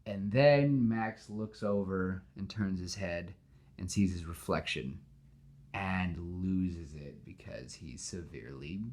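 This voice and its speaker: A man hosting a podcast, animatedly retelling his movie pitch with lots of "like" fillers and acted-out dialogue. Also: slow pace. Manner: animated storyteller, full of "like" fillers, acts out dialogue. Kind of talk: casual retelling of a film pitch.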